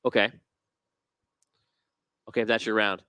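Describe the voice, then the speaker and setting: A man's voice: fairly low pitch, flat delivery, a little slow, sharp tone, clear, resonant tone, dry recording. A man acting as game master of a tabletop game, patiently explaining the rules with some stumbles and chuckles.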